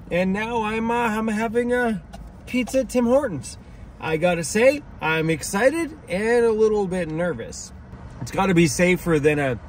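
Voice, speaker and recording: A man's voice: sits high, slight background noise. A man chatting casually to the camera in a travel vlog, laughing often and talking fondly to his dog. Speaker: van life vlogger.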